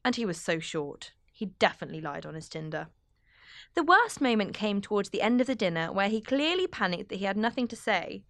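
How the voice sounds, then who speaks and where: A woman hosting a podcast in casual chat, lively and chatty as she reads a listener's story aloud. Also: mid-range voice, fairly quick, dry recording. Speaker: podcast host.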